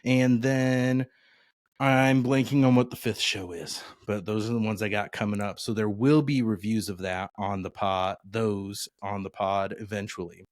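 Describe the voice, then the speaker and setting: A man's voice: on the low side, fairly even intonation, measured pace, dry recording. A man from Nebraska co-hosting a podcast, chatting casually and upbeat with rambling asides. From Nebraska, USA. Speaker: podcast co-host. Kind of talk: casual chat.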